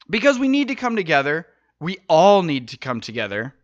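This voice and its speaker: A man's voice: high voice, animated, fairly quick, few pauses, a bit bright, no room sound. A man hosting a solo podcast, talking casually and rambling through his opinions with frequent swearing. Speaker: podcast host. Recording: dull lo-fi dry mic sound.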